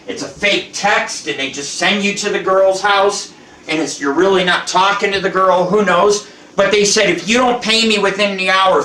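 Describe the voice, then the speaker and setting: Profane rambling man, bright and echoey. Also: high voice, recorded from a distance, a little hiss or hum. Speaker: show host. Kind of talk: rambling live cooking show chat. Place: home kitchen. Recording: roomy echo, off-mic.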